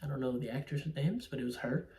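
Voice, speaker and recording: A man's voice: mid-range voice, fast talker, warm tone. A man giving a casual, rambling movie review, swearing often and stressing his opinions. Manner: profane, rambling, emphatic. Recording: echoey room, distant from mic.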